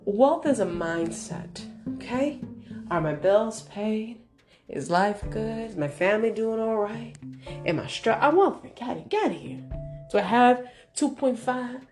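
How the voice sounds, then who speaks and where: Lively, high-pitched woman telling stories. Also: unhurried, music in the background. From New York. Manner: animated, confrontational storyteller who acts out voices. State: hard of hearing. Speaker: vlogger. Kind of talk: casual motivational monologue.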